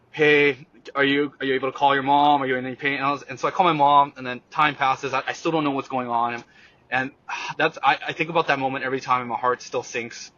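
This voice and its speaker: A young man, a guest on an interview show, telling a personal story in a halting casual way with many fillers and restarts. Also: fairly high pitch, bright, forceful tone, muffled recording.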